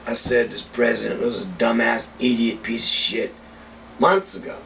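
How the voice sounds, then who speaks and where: A man's voice: mid-range voice, steady tone, normal speed, creaky, pushed and bright. A man ranting heatedly and with a lot of swearing in a casual vlog monologue as a cigar reviewer. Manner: profane, heated political rant. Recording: distant mic with faint background noise.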